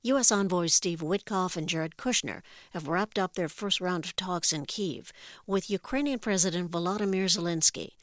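A woman's voice: on the low side, moderate pace, no room sound. Woman newscaster, dry studio sound. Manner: crisp, even newsreader delivery. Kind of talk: news reading.

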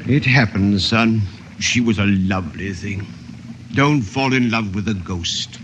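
A man's voice: on the low side, a little slow, a little hiss or hum. A fatherly older passenger. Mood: wry. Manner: gentle, fatherly advice. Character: older male ship passenger, worldly and kindly. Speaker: ship passenger. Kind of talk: 1950s radio drama acting. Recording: dull lo-fi old radio recording.

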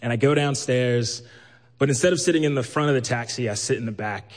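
A man from Brooklyn telling a personal story live, lively and acting out the voices he quotes. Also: medium pitch, fairly quick. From New York, Brooklyn. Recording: long hall reverb.

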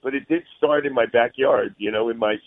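Guest musician, male, chatty and rambling, mid-pitched, tinny phone audio. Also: brisk. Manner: rambling, friendly, says "man" often. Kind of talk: phone interview chat.

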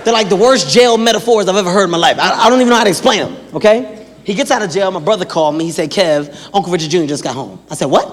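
High pitched guy doing standup, loud and animated, echoey big hall. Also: racing. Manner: animated, exaggerated storytelling with shouted punchlines. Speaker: stand-up comedian. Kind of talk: stand-up comedy routine. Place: large performance hall. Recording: reverberant hall, faint background noise.

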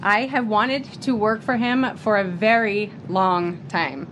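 A woman's voice: medium pitch, slow. Woman at a press briefing podium. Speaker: press secretary. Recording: played-back clip with clear background noise.

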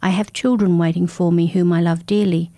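A woman's voice: fairly low pitch, steady tone, brisk, mellow, no room sound, studio quality, lightly acted. A woman voicing Junwu, a frightened young man. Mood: pleading. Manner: pleading, alarmed questioning. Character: frightened young male villager, bewildered, desperate.

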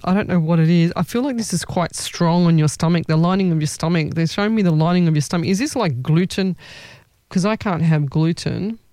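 Psychic host, chatty and rambling, mellow tone, dry close sound. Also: medium pitch, no room sound. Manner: chatty, rambling, restarts sentences. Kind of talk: live online psychic reading.

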